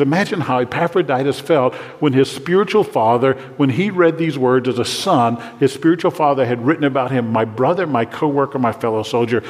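An older man preaching a sermon to fathers, earnest and dropping to a hushed voice when praying. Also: mid-range voice, in a large hall. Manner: earnest, drops to a hushed voice for prayers. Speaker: pastor.

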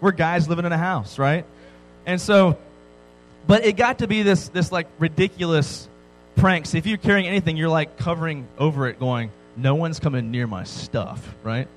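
A man with a slightly higher voice preaching to a young crowd. He jokes, tells stories and keeps asking "right?" A faint music bed runs under him. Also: normal speed, low-quality recording. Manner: joking, animated storytelling with frequent "right?" asides. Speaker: pastor. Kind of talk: sermon to a youth audience.

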